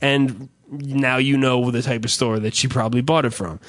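A man's voice: medium pitch, normal speed. A man hosting a podcast, telling a rambling, profane comic story in casual chat. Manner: profane, rambling, animated rants. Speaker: podcast host.

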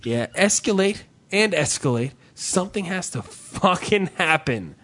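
A man's voice: high voice, measured pace. A man ranting comically about everyday annoyances in a casual chat, profane and theatrical. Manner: profane, animated ranting with mock-shouted quotes. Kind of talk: casual comedic rant.

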